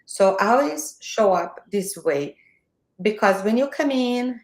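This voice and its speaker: A woman with a Brazilian Portuguese accent speaks in a mid-pitched voice, giving direct, emphatic advice as a guest. Her voice carries the echo of a reverberant room heard through a video call. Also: expressive, slow pace. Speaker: guest, marketing mentor. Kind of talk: motivational interview talk. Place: home, morning video call.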